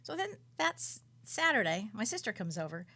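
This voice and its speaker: A woman who works as a psychic medium, a guest on a radio talk show, telling her story in an animated, dramatic way and repeating words for emphasis. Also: moderate pace. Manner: animated, dramatic storytelling with big swings in pitch and loudness.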